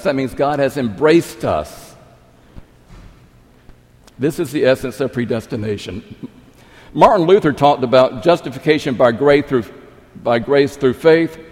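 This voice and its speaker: Male pastor, sermon, emphatic, repeats himself, fairly high voice, long church reverb. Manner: emphatic, repeats key phrases, swings loud and soft. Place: church sanctuary. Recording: long reverb of a large hall.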